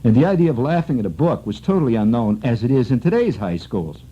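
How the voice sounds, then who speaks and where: Middle-aged male radio storyteller with a mellow voice, lively and digressive, on a muffled old broadcast. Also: medium pitch, fast talker, husky. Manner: rambling, animated storyteller full of asides. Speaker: radio host. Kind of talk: storytelling monologue.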